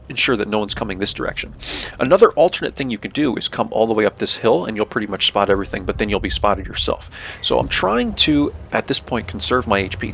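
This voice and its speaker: A man's voice: medium pitch, vocal fry, fairly bright tone, a little hiss or hum. A young man with a North American accent, casually talking through his own tank game, explaining tactics with lots of "um", "right?" and "man". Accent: North American English. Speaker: gameplay commentator. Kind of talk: casual gameplay commentary.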